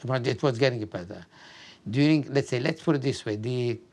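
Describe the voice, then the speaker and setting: His voice is medium-pitched and a little mellow: an older man from Afghanistan telling his life story in an oral history interview, halting as he goes and frequently repeating words.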